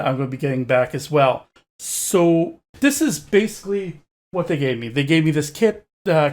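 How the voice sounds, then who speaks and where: A man's voice: fairly high pitch, darkish tone. Chatty man, hesitant and full of fillers. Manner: hesitant, many uh fillers and restarts; candid and chatty. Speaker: tech reviewer. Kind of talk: casual unscripted product review. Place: home room with wall panels.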